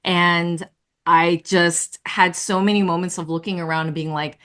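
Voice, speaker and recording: A woman puppeteer, a guest on a video-call interview, telling lively stories with lots of laughter and fillers. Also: fairly low pitch, moderate pace. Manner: animated, laughing, many fillers. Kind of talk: casual interview storytelling.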